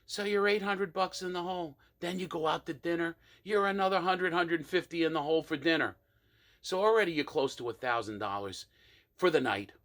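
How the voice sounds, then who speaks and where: Guy doing a comic rant monologue, high lively voice, bright, keeps doing mocking impressions. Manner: exasperated ranting, mocking impressions. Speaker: monologue performer.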